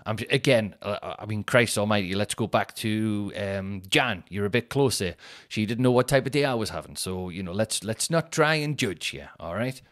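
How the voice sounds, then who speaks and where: A man's voice: on the low side, a bit bright. A man in his thirties, a podcast host telling a self-mocking comic story with mock outrage. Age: 30s.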